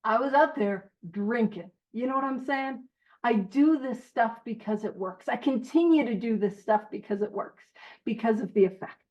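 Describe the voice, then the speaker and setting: This woman's voice is a little high with a darkish tone, delivered at normal speed, though the audio is dull. Hosting a recovery literature study, she's chatty, earnest and self-deprecating, prone to tangents, in casual group talk that includes read-aloud passages.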